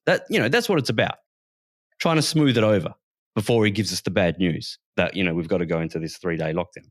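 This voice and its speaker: A man's voice: mid-range voice, very animated, a little fast, dry recording, studio quality. A man from Western Australia, co-hosting a casual podcast and ranting heatedly, with swearing. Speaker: podcast co-host.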